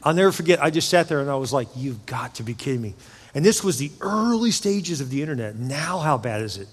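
A middle-aged male pastor preaching in a slightly high voice, emphatic and chatty, slipping jokes in between his points. His voice rings through a large church hall with a long, trailing reverb. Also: expressive, fast talker, breathy edge. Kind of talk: sermon. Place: church sanctuary.

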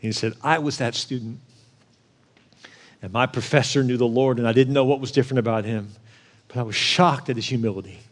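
A man delivering a sermon in a conversational style, swinging between emphatic and soft, quiet storytelling. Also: medium pitch, fairly even intonation, fast. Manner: conversational preaching, rising to emphatic then dropping soft and quiet. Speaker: pastor.

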